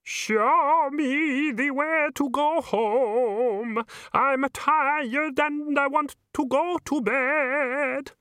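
A man's voice: a little high, huge pitch swings, very slow, hardly any pauses, pushed and bright, dry recording, clean studio sound, voice pushed up, heavily acted. A man voicing a jolly tenor man singing in his bath and slipping into a put-on foreign accent. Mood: merry.

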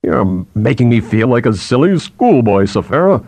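A man's voice: mid-range voice, big pitch swings, normal speed, a little mellow, slightly rough. A man doing a stolid, awkward male colleague. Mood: coaxing. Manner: stolid, clumsy. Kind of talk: audiobook character voice.

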